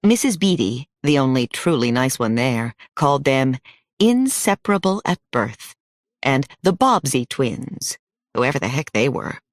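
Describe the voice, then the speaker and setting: A man narrates an audiobook in a mid-range voice, telling the story in a steady, measured way. The recording is dry, with no room sound.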